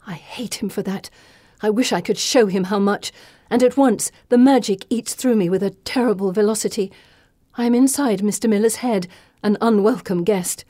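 A woman narrates a first-person story with an expressive, dramatic reading. Her voice is warm and mellow, recorded dry and close with no room sound. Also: mid-range voice, normal speed, no room sound. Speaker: audiobook narrator.

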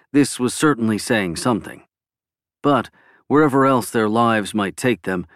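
A man giving steady, even scripted narration of a science fiction audiobook. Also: on the low side, clean tone, no room sound, clean studio sound.

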